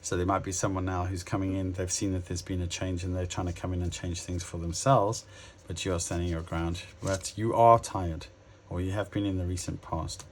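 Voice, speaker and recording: A man with a fairly low voice talks through a tarot reading at an easy, casual pace. He muses aloud and hesitates often, restarting his thoughts as he speaks directly to his viewers. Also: flat delivery, fairly quick, hardly any pauses, a little hiss or hum. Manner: musing, hesitant, many fillers and restarts. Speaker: tarot reader.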